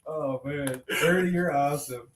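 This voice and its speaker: A man's voice: on the high side, moderate pace. A man co-hosting, giving casual, laid-back, amused replies in banter. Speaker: co-host. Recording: roomy, away from the mic.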